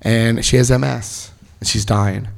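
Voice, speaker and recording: This middle-aged man from New Jersey, US, has a medium-pitched, creaky voice and an unhurried pace. Giving a personal storytelling speech about his recovery at a talk, he animatedly acts out other people's lines and breaks into bursts of loud excitement.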